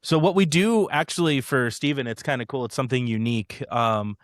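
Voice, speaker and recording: A man's voice: medium pitch, a little fast, no room sound, studio quality. A man appearing as a band member on a podcast, chatting casually in an easygoing way with frequent laughs. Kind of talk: casual chat.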